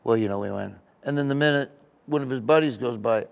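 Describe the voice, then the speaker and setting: A man, a comedian being interviewed, telling casual rambling anecdotes in an animated way. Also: mid-range voice, moderate pace, creaky. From United States. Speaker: comedian guest.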